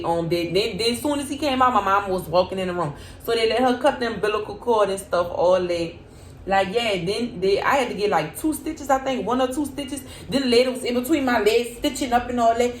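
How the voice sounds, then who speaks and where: A young woman, telling a dramatic storytime vlog in an animated, expressive way. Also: on the high side. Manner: animated, dramatic, swings to loud cries when reliving. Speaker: vlogger. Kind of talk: casual storytime. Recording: echoey room with faint hum.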